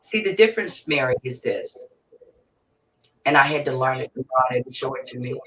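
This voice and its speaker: Here a Virginia woman in middle age, a mental health therapist, talks with an extremely low pitch, expressive delivery, moderate pace and fairly bright tone. As an interview guest she is impassioned, emphatic and repetitive, in emotional interview talk captured by a distant mic with faint noise.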